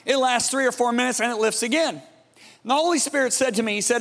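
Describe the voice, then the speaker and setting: A man preaching a sermon, telling a story dramatically and dropping to a hushed, awed tone. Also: very high voice, brisk, in a large hall. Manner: dramatic, swings from loud emphasis to hushed awe.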